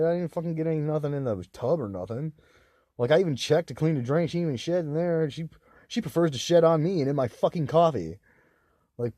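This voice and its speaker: A man's voice: mid-range voice, warm tone, dry recording, studio quality. A young man in a rambling, agitated, profane monologue to camera, swearing constantly. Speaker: vlogger.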